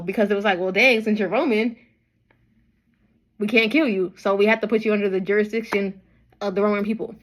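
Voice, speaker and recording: A young woman from Nigeria retelling a Bible story in casual slang, acting out the people in it with lively quoted voices. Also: poor audio. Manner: animated, acts out crowds with high-pitched quoted voices and slang. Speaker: bible study vlogger.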